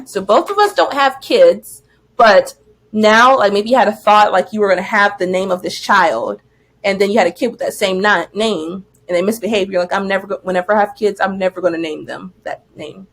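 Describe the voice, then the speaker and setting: A woman's voice: mid-range voice, brisk, fairly bright tone, a little hiss or hum. A young woman co-hosting a podcast, telling stories in a casual, chatty way and laughing often. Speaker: podcast co-host. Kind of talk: casual chat.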